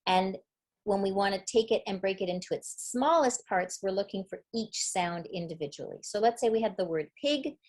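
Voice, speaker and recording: A woman literacy educator giving a webinar presentation, explaining reading skills and sounding out words slowly. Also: mid-range voice, expressive, a little mellow. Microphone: webinar computer mic.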